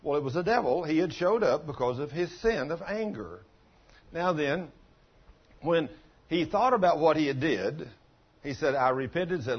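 Husky-voiced older man preaching folksy. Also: on the high side, animated, normal speed, muffled recording. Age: 60s. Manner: folksy, conversational preaching with colloquial grammar. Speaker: pastor. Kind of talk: sermon with storytelling.

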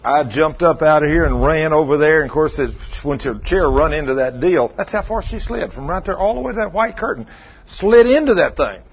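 A middle-aged pastor tells a story from the pulpit, acting out the scene with bursts of shouted commands. His voice sits fairly high and sounds husky. The recording is dull and lo-fi. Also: lively intonation, a little fast. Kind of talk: sermon storytelling.

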